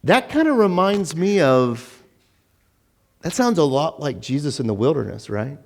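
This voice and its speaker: A pastor delivering a conversational sermon in church, animated and acting out the lines he quotes. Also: a little slow, creaky. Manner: animated, acts out quotes with sudden rises in pitch.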